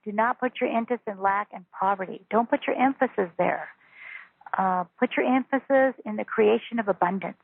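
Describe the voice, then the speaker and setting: A woman's voice: medium pitch, a little fast, creaky, husky, dry recording. A woman spiritual teacher on a phone interview, talking in an earnest, repetitive, emphatic way. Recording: tinny phone line.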